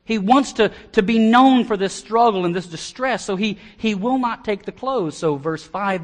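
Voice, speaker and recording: An American man preaching an expository sermon as pastor, animated and often repeating words as he starts a phrase. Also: high voice, normal speed, hardly any pauses. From United States.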